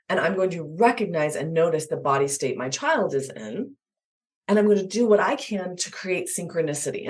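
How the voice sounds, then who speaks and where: Animated woman explaining attachment. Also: lowish voice. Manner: animated, acts out examples in voices. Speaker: guest expert on attachment. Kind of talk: explaining in an interview.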